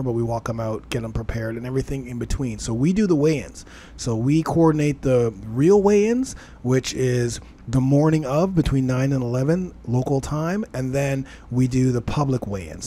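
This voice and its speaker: A mid-range, dark-toned voice belongs to this man hosting a laid-back fitness podcast. He swears freely while telling animated stories, with faint noise in the background.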